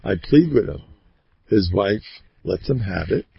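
A man's voice: unhurried, creaky, breathy edge, no echo, muffled recording. A man giving a folksy religious storytelling talk, mixing in Yiddish and Hebrew words and acting out the people in his stories. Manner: animated, acts out voices with big pitch jumps.

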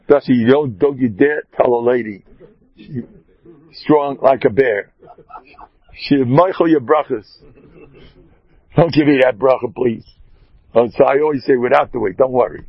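A man, a rabbi, telling a story in an animated way and mixing in Hebrew and Yiddish terms. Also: medium pitch, unhurried, long pauses, slightly rough, no echo, highs cut off. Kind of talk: storytelling talk.

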